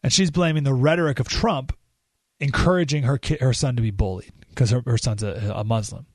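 A man hosting a talk radio show, telling a story in an animated, emphatic way with rising indignation. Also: mid-range voice, a little fast, no echo, clean studio sound. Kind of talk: opinionated radio monologue.

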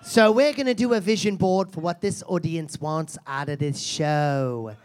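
A man's voice: a little high, measured pace, close to an everyday voice. A man performing a brash, foul-mouthed female self-help seminar guru in a live comedy character act, mocking and insulting the audience.

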